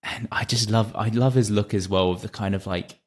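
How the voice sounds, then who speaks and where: A man's voice: lowish voice, fairly even intonation, a little fast. Young man chatting loosely about films. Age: young adult. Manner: chatty, many fillers and restarts. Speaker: podcast co-host. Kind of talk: casual film-ranking chat.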